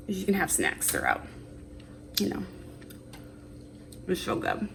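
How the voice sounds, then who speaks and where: A cooking vlogger films a cook-along in her home kitchen with a tripod-mounted camera, her fairly low voice swinging hugely in pitch, a little slow, with long pauses and slight background noise. She's chatty and giggly, rambling and using fillers as she talks to the camera in casual conversation.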